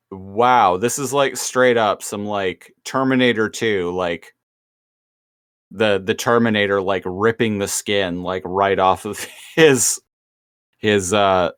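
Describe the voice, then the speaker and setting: Lower-voiced man recapping casually. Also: takes it slowly, no room sound, clean studio sound. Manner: animated retelling, many "like" fillers, profane. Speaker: podcast co-host. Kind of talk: casual chat retelling a cartoon episode.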